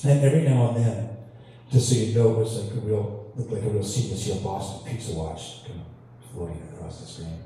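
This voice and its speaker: A man's voice: on the low side, a little fast, warm tone, a little hiss or hum. A man from Canada telling chatty, self-deprecating stories between songs to an audience in a hall, laughing along as he goes. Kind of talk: on-stage storytelling banter. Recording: echoey hall, distant mic, faint ambience.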